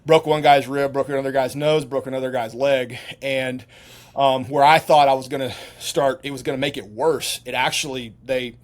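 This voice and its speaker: On a podcast, a retired soldier in middle age tells casual, drawn-out, rambling stories, often starting over and leaning on fillers. His voice is medium in pitch, steady in tone, and moves at a normal speed.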